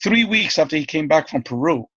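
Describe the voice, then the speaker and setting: A man's voice: a little high, lively intonation, brisk, a bit bright, slightly rough, dry recording, dull audio. A man being interviewed as a guest, telling one story after another in a rambling, eager way and often checking in with "okay?".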